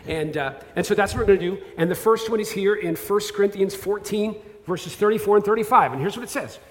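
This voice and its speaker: Pastor preaching in a reverberant hall. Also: male voice, high-pitched, a little fast. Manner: conversational and self-deprecating, with asides and restarts. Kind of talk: sermon. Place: church sanctuary.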